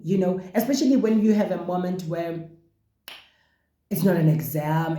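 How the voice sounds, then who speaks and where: A man hosting a casual podcast monologue, talking in an animated, expressive way and exclaiming often. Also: sits high, echoey room. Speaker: podcast host.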